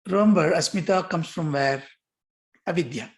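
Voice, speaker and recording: Older male teacher, lively questioning lecture delivery, prone to repeats. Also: on the high side, moderate pace. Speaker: yoga philosophy teacher. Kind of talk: lecture on yoga sutras.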